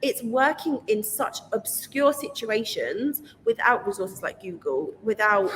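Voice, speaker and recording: A woman guest chatting casually on a podcast, telling animated stories and acting out what people said. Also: mid-range voice, a little slow. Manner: animated storyteller who acts out quotes. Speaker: guest, business owner and TV contestant. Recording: long hall reverb with faint noise.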